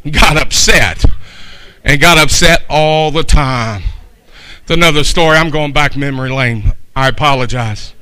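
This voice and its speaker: Bright-voiced preacher, shouting and hushed. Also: male voice, on the high side, low-quality recording. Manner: preaching that swings from shouted peaks to soft, slow asides; folksy storytelling with homespun humor. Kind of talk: sermon.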